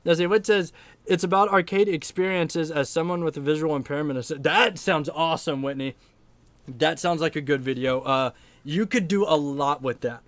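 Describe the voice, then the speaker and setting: A man in his thirties hosts a casual livestream. His voice sits high, and he tells stories with lots of laughter and filler words. The sound is dry and close. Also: normal speed, no echo. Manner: animated storyteller, laughs often, many fillers. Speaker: livestream host reading chat.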